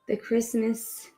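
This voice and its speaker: A woman in her thirties hosting a crochet livestream, chatting in a rambling, upbeat way while she works. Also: on the high side. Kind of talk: casual chat while crocheting.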